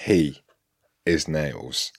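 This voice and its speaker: Male podcast host, very low voice, blunt banter, dry close mic. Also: expressive, very slow, vocal fry, breathy edge, no echo. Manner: short probing questions, blunt banter. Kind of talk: casual interview chat.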